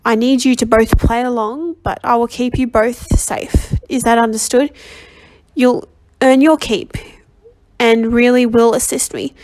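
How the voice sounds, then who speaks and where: A woman reading as a brisk ship's doctor. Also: fairly high pitch, fairly even intonation, darkish tone, dry recording, lightly acted, poor audio. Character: brisk kindly ship's doctor, middle-aged man.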